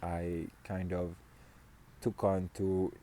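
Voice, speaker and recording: A man's voice: sits low, little pitch movement, slow, mellow. A man from Syria telling a personal story to camera, rambling with fillers and restarts. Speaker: vlogger.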